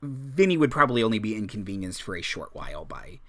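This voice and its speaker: Male game master, bright tone, hesitant narration with fillers. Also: on the low side, very animated, fast. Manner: hesitant, many ums and uhs.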